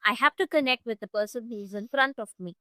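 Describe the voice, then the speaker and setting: A woman English tutor giving a one-on-one online lesson over a video call, talking expressively and demonstrating word stress and pauses. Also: a little high, bright, forceful tone, no echo, poor audio.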